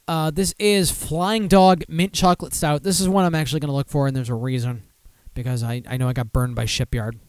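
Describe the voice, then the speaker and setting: A man hosting a casual live beer show with a slightly high voice, talking into a close, dry mic. He rambles to himself and bursts into mock-outraged rants. He moves between chatty asides and reading out listings. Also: fairly quick, hardly any pauses, clean tone, dry recording. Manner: animated, mock-outraged outbursts and rambling self-talk. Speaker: podcast host.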